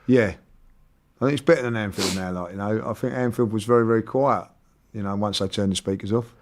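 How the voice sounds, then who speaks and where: A man's voice: fairly low pitch, a little fast, slight background noise. A man chatting as a football pundit in casual talk, plain and direct. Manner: short agreeing replies, plain and direct.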